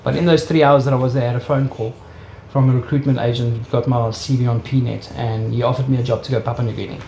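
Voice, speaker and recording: A man's voice: medium pitch, fairly even intonation, quick pace, vocal fry, dark tone. A man with a South African accent telling his personal faith story in an interview, earnest and emotional. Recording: echoey room with faint ambient noise.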